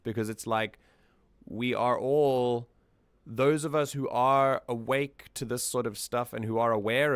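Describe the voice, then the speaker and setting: A man's voice: medium pitch, fairly bright tone, clear, resonant tone, dry recording. A man hosting a music analysis stream, talking things through in a thoughtful, casual way and often repeating words as he thinks.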